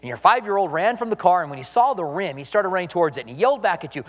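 A male pastor preaching with a high, lively voice that swings up and down as he acts out the people he quotes. His sermon rings through a big hall with long reverb. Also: racing, few pauses.

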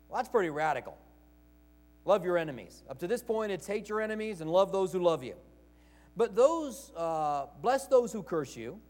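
A man's voice: high-pitched, a little mellow, long reverb tail. A male pastor preaching a sermon in a conversational way, reading scripture aloud and asking the congregation rhetorical questions.

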